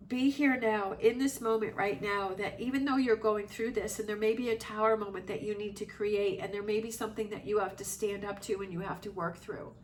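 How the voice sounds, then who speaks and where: A woman's voice: medium pitch, fairly bright tone. A woman giving a tarot reading, talking in a reflective, reassuring, rambling way with many fillers. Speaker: tarot reader. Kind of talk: casual tarot reading monologue. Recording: slightly distant mic with faint noise.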